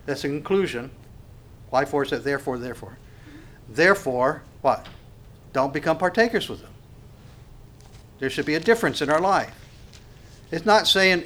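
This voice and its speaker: A man preaching a sermon, swinging from hushed to loud and asking the congregation rhetorical questions. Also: fairly high pitch. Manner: acts out quoted voices. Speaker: pastor.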